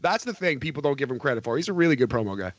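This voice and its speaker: A man's voice: mid-range voice, big pitch swings, racing, dry recording, muffled recording. A man co-hosting a podcast, talking casually and animatedly about wrestling, swearing and laughing often. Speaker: podcast co-host.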